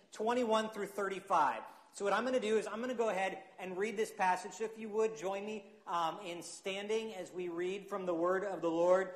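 A male pastor, preaching a sermon and reading scripture in an earnest, unhurried way, with hesitant fillers. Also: sits high. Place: church sanctuary. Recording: echoey church sanctuary.

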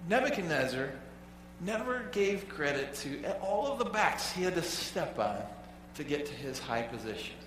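A male pastor delivers a relaxed sermon in a fairly high voice, doubling back on words and pausing often. He sounds distant in a large, heavily echoing church with a long reverb. A faint hum runs underneath. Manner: conversational, halting, repeats words. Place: church sanctuary. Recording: echoey hall, voice from far off.

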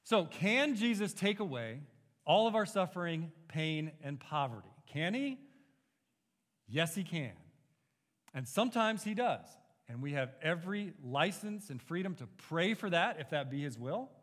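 A man's voice: fairly high pitch, animated, measured pace, a bit bright, long reverb tail. A man preaching an expository sermon as a pastor, earnest and emphatic, pushing his rhetorical questions upward.

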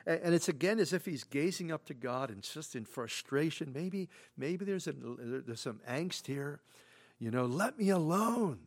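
A man's voice: mid-range voice, lively intonation, moderate pace. Conversational middle-aged male pastor preaching. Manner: conversational, repeats himself, frequent "you know"; swings from hushed to loud emphatic bursts. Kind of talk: expository sermon.

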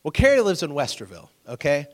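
A man's voice: a little high, huge pitch swings, quick pace, a little mellow. A man, preaching a casual, conversational sermon, asking his audience questions and joking with them. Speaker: pastor. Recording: long hall reverb.

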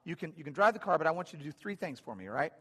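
A man's voice: a little high, very animated, very fast, bright, forceful tone, slightly rough, in a large hall, exaggerated voice. A man voicing a firm, sensible father laying out terms, inside a sermon story.

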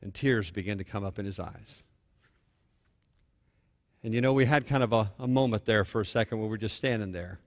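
A male pastor preaching a sermon, telling a story and moving between hushed and fervent delivery. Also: on the low side, brisk, long pauses, long reverb tail.

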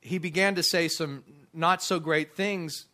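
Middle-aged male pastor, bright and forward tone, animated storyteller who stumbles and restarts often. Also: fairly high pitch, a little slow. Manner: animated storyteller, quotes others in lively voices, many restarts. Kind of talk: sermon storytelling.

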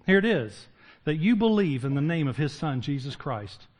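An older pastor preaches to his congregation at normal speed, mixing folksy jokes into his sermon. His pitch swings widely as passages move from loud and emphatic to low and hushed.

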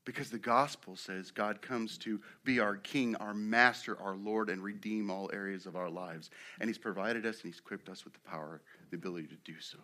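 Bright-voiced animated male preacher. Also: fairly low pitch, a little fast, hardly any pauses. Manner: animated, acts out quotes, rises and drops in volume. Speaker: pastor. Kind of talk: sermon.

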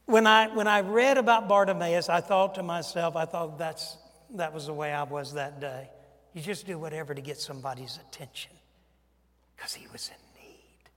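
A man from Mississippi with a Southern accent preaches in a high, bright-edged voice. He drops into hushed, folksy storytelling and then climbs into loud, emphatic preaching. The sound carries a long reverb from a large church hall. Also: fairly even intonation, normal speed. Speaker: pastor. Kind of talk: sermon.

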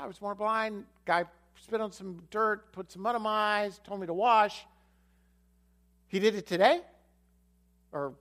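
A man's voice: sits high, a bit bright. A man preaching a sermon, retelling a Bible story and acting out its dialogue, with repeated phrases for emphasis. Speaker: pastor.

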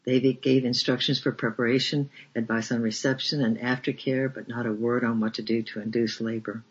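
A man narrating a memoir as an audiobook reader, with a measured, flat delivery. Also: medium pitch, husky. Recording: dull lo-fi recording.

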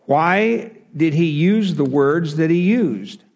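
Man, Bible teacher, slow deliberate delivery, somewhat high voice, fillers and restarts. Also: animated, vocal fry, darkish tone. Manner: deliberate, with fillers and self-corrections.

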